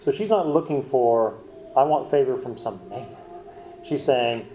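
A man's voice: medium pitch, expressive, measured pace, mellow, a little hiss or hum. Southern man teaching a Bible class. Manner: earnest, explaining, asks the class questions. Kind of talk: leading a group Bible study. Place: church classroom. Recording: roomy room echo.

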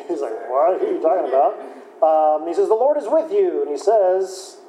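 A man teaches a relaxed Bible class in a chatty, conversational way. His voice sits a little high but sounds very mellow and dark. The room is echoey, with a faint hiss behind him. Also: normal speed. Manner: conversational, chatty, self-correcting with light laughs.

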